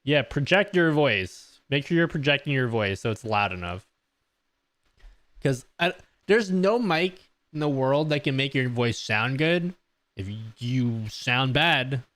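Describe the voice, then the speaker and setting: A man of medium pitch, expressive and unhurried with a slightly bright tone, live-streams a casual Q&A. He jokes, laughs, and reads his chat aloud into a close desk mic on an audio mixer, with no room sound.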